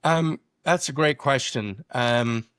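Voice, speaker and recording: A middle-aged man, guest on a podcast, telling lively work stories and acting out conversations in quoted voices. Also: mid-range voice, slow pace, smooth, no echo, clean studio sound. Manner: animated storyteller acting out dialogue. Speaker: guest, drone business founder. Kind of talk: podcast interview.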